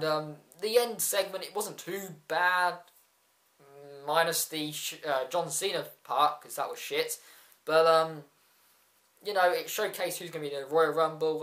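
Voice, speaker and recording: Excitable rambling reviewer in an echoey room. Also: medium pitch. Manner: excitable, rambling, quick asides. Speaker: wrestling show reviewer. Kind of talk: casual video review.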